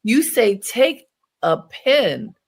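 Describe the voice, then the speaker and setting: A woman's voice: a little high, sing-song, drawn-out words, husky. A woman hosting a radio interview, telling a personal story in a reflective, heartfelt way. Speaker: host.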